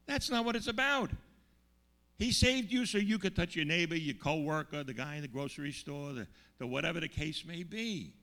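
Gravelly, emphatic preacher man in a hall. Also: fairly high pitch, animated, bright, forceful tone. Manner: emphatic, slows down to stress words, asks the audience questions. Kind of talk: sermon.

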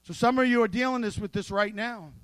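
A man with a strikingly high voice delivers a sermon, lively and playful, with asides folded into his points. The sound is dry and close, with no room around it. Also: a little fast, clean tone, no echo. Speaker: pastor.

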